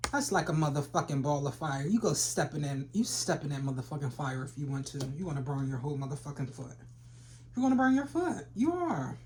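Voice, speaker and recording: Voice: medium pitch, slight background noise. Brash, profane tarot reader. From Philadelphia. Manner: brash and profane, trash-talking with sudden laughs. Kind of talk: casual tarot reading for viewers.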